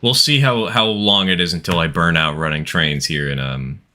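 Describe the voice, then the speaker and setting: A man's voice: low voice, moderate pace, pushed and bright. A man streaming a game live, chatting casually with his viewers and laughing often. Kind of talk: casual live-stream chat while playing.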